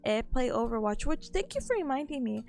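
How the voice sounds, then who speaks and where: High-pitched and swinging widely in pitch, her voice is gravelly yet a little mellow, and she speaks briskly. The young VTuber is giggly and a bit sniffly, her voice sounding worn, as she chats playfully with her stream.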